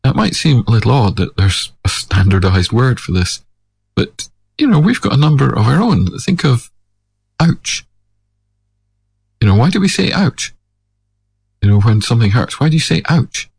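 A man musing in a measured, digressive monologue. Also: medium pitch, big pitch swings, creaky, darkish tone, breathy edge. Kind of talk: reflective monologue.

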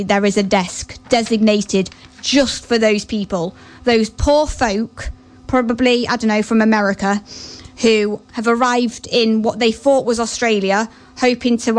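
A woman hosting a radio show, chatting casually and rambling between songs. She sounds nervous and excited, with giggles. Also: on the high side, a little slow. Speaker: radio host.

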